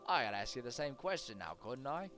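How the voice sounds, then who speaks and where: A man's voice: mid-range voice, very animated, quick pace, pitched above the performer's own voice, close to an everyday voice. A man voicing a boastful, talkative halfling rogue, his accent wavering between British, Irish and Australian. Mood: cocky. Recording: game music behind.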